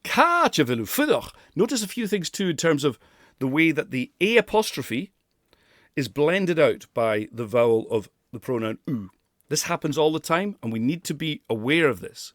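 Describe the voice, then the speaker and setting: A man's voice: on the high side, expressive, moderate pace, no room sound, studio quality. A man coaching pronunciation who demonstrates sounds and laughs often. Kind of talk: pronunciation lesson.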